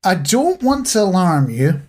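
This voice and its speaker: A man's voice: high-pitched, big pitch swings, measured pace, over loud music. A Scottish man co-hosting a podcast, chatting casually with a playful, mock-conspiratorial manner. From Scotland. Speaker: podcast co-host. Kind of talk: casual chat.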